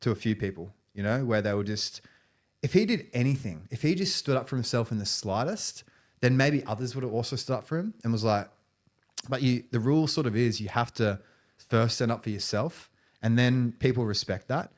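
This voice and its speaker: A man's voice: mid-range voice, expressive, fairly quick. A man, a podcast guest, telling stories in casual conversation, rambling and restarting phrases, with frequent "you know" and "right".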